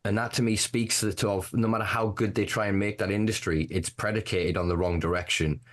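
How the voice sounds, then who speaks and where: This Northern English man, a podcast correspondent, speaks fairly quickly with a fairly low pitch and fairly even intonation. The setting is a relaxed podcast conversation full of passionate, foul-mouthed ranting.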